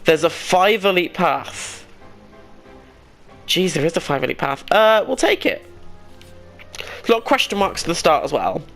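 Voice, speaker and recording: A man's voice: a little high, sing-song, moderate pace, creaky, pauses often, fairly bright tone, faint music behind. A man giving casual let's-play commentary, thinking aloud as he plays and poking fun at himself now and then. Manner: thinks aloud, rambling and self-deprecating. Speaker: gaming YouTuber.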